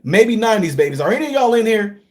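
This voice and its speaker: A middle-aged man hosts a casual livestream and talks straight to his viewers. His voice sits high for a man, and he swings from low, quiet asides to loud, excited outbursts. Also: fast. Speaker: livestream host.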